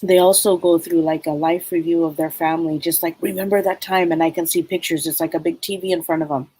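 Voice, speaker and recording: Low-pitched woman, psychic medium, rambling and halting delivery. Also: little pitch movement, warm tone, slight background noise, rough recording. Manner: rambling, halting, many fillers. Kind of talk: live spirit reading.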